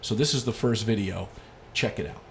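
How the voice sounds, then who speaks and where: A man's voice: on the low side, fairly quick, gravelly, very noisy. Middle-aged man teaching dog training. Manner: storytelling with lively anecdotes. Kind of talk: casual instructional talk.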